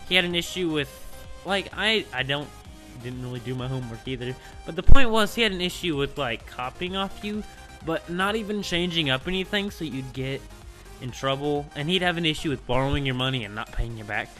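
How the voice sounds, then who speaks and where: A young man with a bright, forceful voice that sits a little high. He rambles through a casual vlog story, excitable and full of filler words, with faint music under him. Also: fairly quick. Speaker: gaming channel host.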